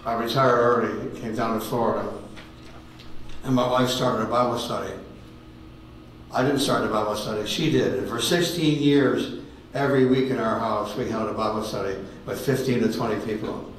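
A man in his eighties giving a personal testimony sermon, halting and repeating words as he tells stories. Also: mid-range voice, fairly even intonation. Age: 80s. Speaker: guest speaker giving testimony. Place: ministry meeting room with audience. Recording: very echoey hall, distant mic, faint noise.

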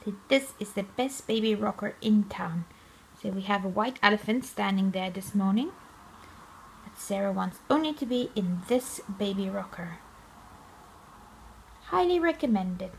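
A woman's voice: medium pitch, expressive, measured pace, creaky, long pauses, a little mellow, slight background noise, poor audio. A mother talking to her baby in cooing, playful baby talk in a home video.

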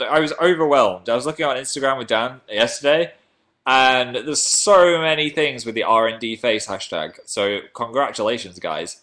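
A man's voice: medium pitch, animated, moderate pace, a bit bright. A man hosting a casual livestream, chatting playfully and reading viewer comments aloud. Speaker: livestream host.

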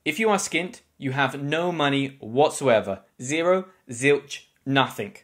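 A man with a British English accent, an English teacher giving a scripted slang lesson with clear explanations and wry asides. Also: mid-range voice, expressive, a little slow, a bit bright. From England.

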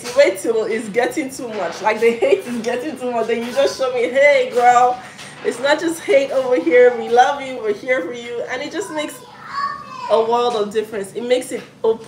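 A woman's voice: fairly high pitch, moderate pace. A young woman from Africa, chatting effusively on a live cooking stream at home and calling out to her children. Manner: effusive and emotional, calls out sharply to her children. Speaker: vlogger livestreaming while cooking. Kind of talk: casual live-stream chat. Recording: echoey room with noisy background.

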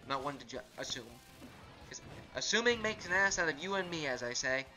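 A man with a fairly high, very sharp and bright voice, talking through a live fighting-game stream in a loose, rambling way. He fills his commentary with fillers and restarts, and faint game music plays behind him. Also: animated, fairly quick. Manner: rambling, filler-heavy, laid-back. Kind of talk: casual live gameplay commentary.

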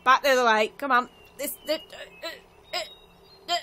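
A woman chatting through a video game, self-mocking, with sudden excited cries. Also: high-pitched, measured pace. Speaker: let's play gamer. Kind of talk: casual gameplay commentary.

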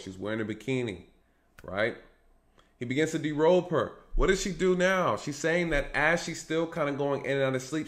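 A man hosting a casual commentary monologue, talking straight to his viewers, checking in with "right?" and "you guys", and swinging between loud, lively stretches and low, muttered asides. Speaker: commentary channel host.

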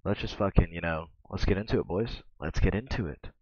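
A man reacting to meme videos as a streamer, excitable and cursing often, bursting into laughter. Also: deep voice, fairly quick, husky, no echo. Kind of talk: casual reaction commentary. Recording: dull lo-fi mic.

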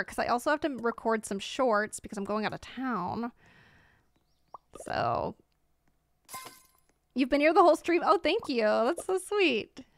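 A woman's voice: fairly high pitch, a bit bright. Bubbly American woman streaming live. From United States. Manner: bubbly, chatty, exclamatory. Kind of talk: live game commentary.

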